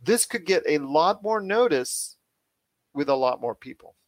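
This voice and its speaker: A man hosting a pop culture podcast in energetic, rambling casual chat. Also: fairly high pitch, unhurried, no room sound. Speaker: podcast host.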